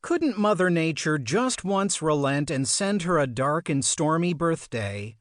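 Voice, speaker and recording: A man narrating an audiobook in a measured, expressive storytelling manner. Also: fairly high pitch, dry recording, studio quality. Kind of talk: scripted narration.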